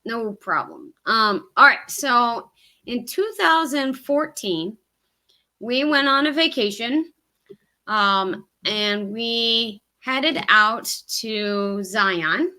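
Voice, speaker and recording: A woman's voice: a little high, animated, drawn-out words, sharp tone. A woman with a Southern US accent co-hosting a hiking livestream, chatting casually and rambling with many ums. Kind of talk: casual live-stream chat.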